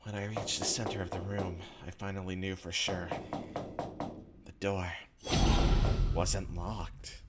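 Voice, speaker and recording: Man, deep voice, casual let's play reader, noisy recording with clicks. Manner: casual, offhand asides between read lines. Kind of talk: casual let's play, reading visual novel text aloud.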